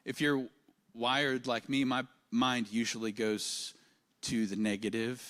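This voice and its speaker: A male pastor, preaching a sermon with animated storytelling and big swings in pitch and loudness. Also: moderate pace. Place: church auditorium.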